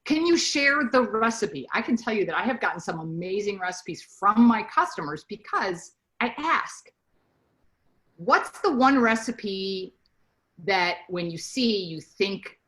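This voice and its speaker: A woman's voice: medium pitch, a little slow, rough recording. A middle-aged woman giving a casual training talk to her sales team, chatty and full of stories and asides. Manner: chatty, animated storytelling with asides.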